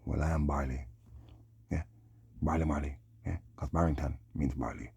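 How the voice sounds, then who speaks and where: A man's voice: rumbling low, fairly even intonation, moderate pace, creaky, dark tone, slightly rough, dry recording. A man delivering a rambling solo monologue, drawling and often breaking off with a questioning "hmm?". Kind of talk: rambling monologue on names and prophecy.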